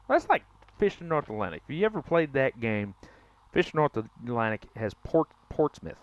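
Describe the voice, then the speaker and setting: Teasing streamer, muffled mic. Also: male voice, mid-range voice, very animated, normal speed, no echo. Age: 20s. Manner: joking, teasing chat, drawling. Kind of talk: casual live-stream chat while gaming.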